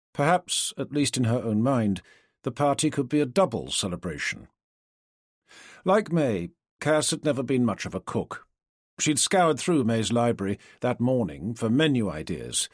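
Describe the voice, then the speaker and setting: A man narrating an audiobook with expressive, measured storytelling. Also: medium pitch, breathy edge, dry recording, studio quality.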